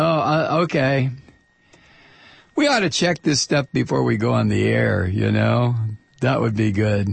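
A male talk radio host rants and mocks in a gravelly, husky voice, stumbling over fillers and restarts. His pitch swings widely and often jumps into high shouts. The sound is dry and close to the mic. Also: no room sound. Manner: ranting and mocking, with bursts of high-pitched shouting; halting, with many fillers and restarts. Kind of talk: political talk radio monologue.

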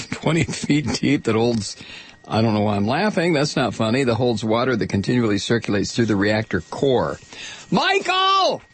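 A man hosting a political talk radio show, reading news in a sarcastic, animated way that climbs into outraged shouting. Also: lowish voice, a little hiss or hum.

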